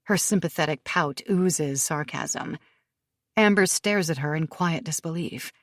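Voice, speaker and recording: A woman narrating a thriller audiobook in a steady, measured way, recorded close to the mic. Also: deep voice, no echo.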